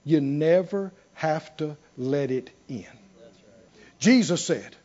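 A high-pitched male preacher who drops to near-whispered storytelling and then climbs back into loud, emphatic exhortation. He has the congregation repeat lines back to him. The recording sounds muffled. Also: slow. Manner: leads call-and-response with the congregation. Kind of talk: sermon.

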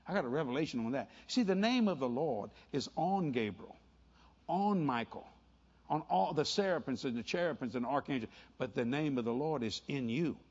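Animated older man preaching, husky and lively. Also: medium pitch. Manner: animated and playful, doing quick voices in anecdotes, laughing. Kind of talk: sermon mixed with storytelling. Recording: dull lo-fi sound.

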